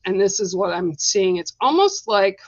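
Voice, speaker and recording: A woman's voice: mid-range voice, very animated, moderate pace, dry recording, lo-fi sound. A woman giving a chatty, reassuring live-stream card reading, talking straight to her viewers. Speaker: psychic card reader.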